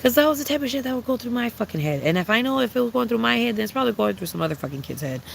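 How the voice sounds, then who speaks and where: A young adult livestreamer in casual, unscripted chat with viewers, talking bluntly and with a lot of profanity, ranting with lively swings. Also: mid-range voice, racing, creaky, a little hiss or hum, low-quality recording.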